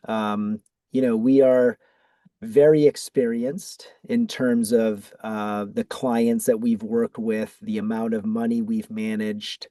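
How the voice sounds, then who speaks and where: A middle-aged man from Massachusetts with a Boston accent, answering interview questions in a measured way with frequent ums and restarts. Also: on the low side, level tone, dark tone, dry recording. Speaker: guest, ad agency founder.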